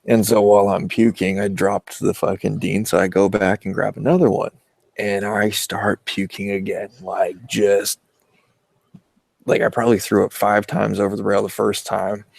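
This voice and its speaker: A young Southern Californian man rambles through a story in a low, gravelly voice, loose and laid-back, swearing constantly. The recording is dry and close, with no room sound. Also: flat delivery, moderate pace, no room sound. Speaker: vlogger telling a story. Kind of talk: casual storytelling chat.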